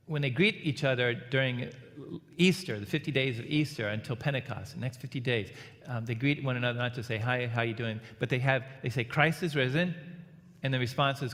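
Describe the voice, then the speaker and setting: A man's voice: mid-range voice, fairly bright tone. A man giving an Easter homily as a Catholic priest, preaching in a plain conversational way and leading the congregation in call and response. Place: large church. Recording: church hall reverb.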